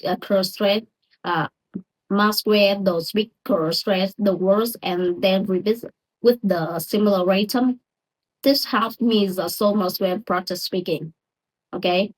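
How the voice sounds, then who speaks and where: A young woman who is not a native English speaker talks through a casual lesson at a very slow, careful pace. She repeats each word several times and keeps checking in with the listener. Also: medium pitch, poor audio. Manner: slow and careful, repeats words and says "okay?" often. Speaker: English learner teaching word stress.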